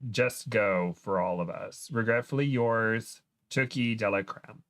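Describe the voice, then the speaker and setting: A man's voice: lowish voice, a little slow, a bit bright. Chatty man reading a novel aloud. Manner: rambling, chatty, filler-heavy. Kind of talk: casual reading and chat.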